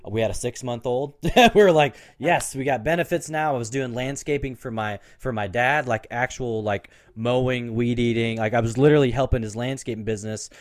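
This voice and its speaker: A man's voice: medium pitch, brisk, few pauses. A man who is a guest on an interview show, telling stories casually and with energy. He laughs often and says "like" and "you know" a lot.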